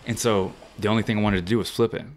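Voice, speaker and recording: Brief: deep-voiced guy, rapid casual storyteller, slangy and animated, podcast guest. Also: slight background noise. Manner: animated, slangy anecdote-telling; fast-talking. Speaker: guest BMX rider.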